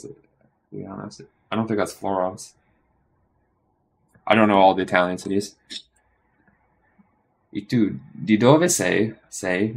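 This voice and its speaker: With a lowish voice and audible vocal fry, a man talks through his live-streamed study session. His thinking aloud wanders, he keeps correcting himself, and he sounds out phrases slowly.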